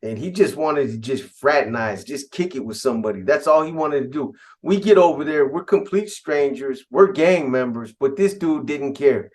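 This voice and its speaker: A man's voice: mid-range voice, lively intonation, moderate pace, hardly any pauses. A man casually telling a first-person story in laid-back street slang, with frequent restarts and asides. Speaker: podcast storyteller.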